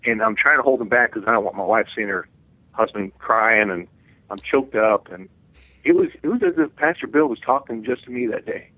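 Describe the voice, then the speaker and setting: A man with a fairly low voice tells his testimony in an earnest, reflective way, often stopping to restart a thought. He sounds thin and narrow, as if on a phone line. The sound is dry, with no room around it. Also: brisk, no room sound. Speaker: guest author. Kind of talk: personal testimony in an interview.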